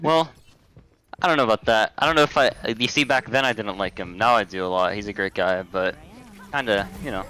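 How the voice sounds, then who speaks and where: A man's voice: on the low side, fairly quick, bright, forceful tone, rough recording. A man speaking as a guest, telling his story in an easygoing way. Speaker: guest, moderator. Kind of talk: casual interview.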